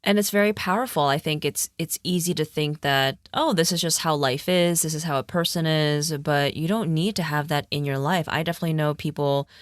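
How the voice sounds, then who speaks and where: Low-voiced woman host, dry sound. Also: fairly quick, hardly any pauses, dry recording. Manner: supportive, frequent affirming murmurs. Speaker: interview host, career astrologer. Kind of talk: casual interview chat.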